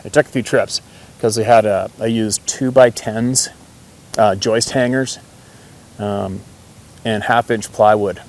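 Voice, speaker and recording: A man's voice: on the low side, steady tone, slow, pauses often. A man telling a hunting story in a rambling, folksy way, swearing casually and chuckling often. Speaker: hunter.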